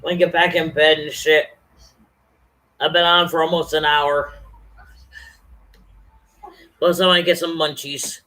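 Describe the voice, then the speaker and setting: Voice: mid-range voice, flat delivery, unhurried, long pauses, pushed and bright. An adult vlogger at home chatting loosely to livestream viewers on camera, rambling, frank and profane. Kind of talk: casual livestream chat to viewers. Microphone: camera or webcam, talking to viewers.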